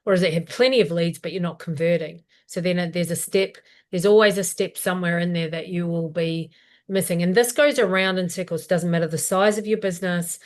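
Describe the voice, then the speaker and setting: A woman co-hosting a business live stream, practical and steady, asking questions aloud as she explains. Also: fairly low pitch, a little fast.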